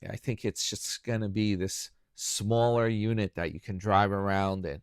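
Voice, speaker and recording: A YouTube commentary host chats alone with his viewers in a rambling, casual way, cracking jokes at his own expense. His lowish voice is clear and resonant, with fairly even intonation and a normal pace, recorded dry in studio quality.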